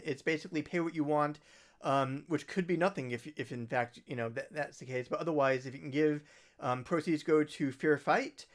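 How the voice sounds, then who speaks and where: Chatty higher-voiced man on a livestream. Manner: rambling, recommending links, trailing off into soft asides. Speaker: musician hosting a livestream. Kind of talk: casual livestream chat.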